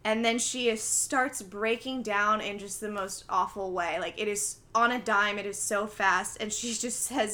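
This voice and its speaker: Speaking at a measured pace with few pauses, this young woman's medium-pitched voice carries a casual podcast chat. As co-host, she walks through a film scene by scene, animatedly performing the characters' lines.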